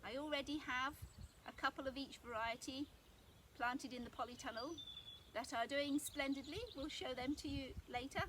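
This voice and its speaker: Woman from the UK, high-pitched, chatty and explanatory, outdoor garden, audible outdoor noise. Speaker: gardening vlogger. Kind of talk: casual outdoor how-to vlog. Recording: outdoor noise, birds and clicks.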